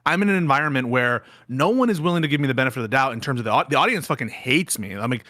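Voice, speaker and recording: A man's voice: mid-range voice, expressive, rapid-fire, pushed and bright, dry recording, clean studio sound. A man co-hosting a casual chat, self-doubting and rambling with many restarts. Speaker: co-host and debater.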